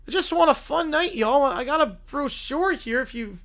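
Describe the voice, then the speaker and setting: A man's voice: extremely high pitch, lively intonation, moderate pace, fairly bright tone, heavily acted. A man doing a stammering, meek Southern lawyer. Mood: flustered. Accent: put-on Southern US drawl. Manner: stammering, hesitant, full of fillers. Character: meek bumbling male defense lawyer, apologetic. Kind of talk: comic improvised courtroom role-play.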